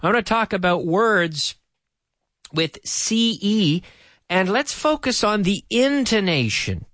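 Animated man drilling English pronunciation. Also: high-pitched, slow pace, no echo, studio quality. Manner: drills words by repeating them in rhythm; playful, animated delivery. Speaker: English teacher. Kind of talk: English lesson for learners.

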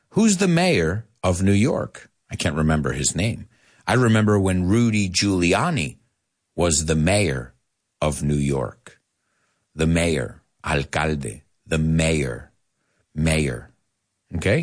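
Slow, animated American English teacher. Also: male voice, sits low. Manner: animated, chatty, mixes in Spanish asides. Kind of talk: live online English lesson.

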